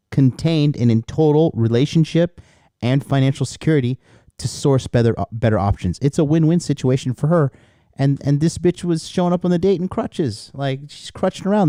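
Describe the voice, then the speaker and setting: A man's voice: medium pitch, warm tone, dry recording, studio quality. A man reacting to a podcast clip with scornful, profane commentary.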